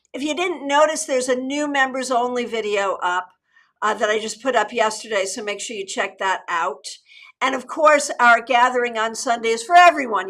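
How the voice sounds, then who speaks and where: Middle-aged woman, live-stream tarot host; bright, forceful voice, chatty and cheerful, restarts sentences. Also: a little high. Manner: chatty, upbeat, with frequent restarts. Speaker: tarot reader and channel host.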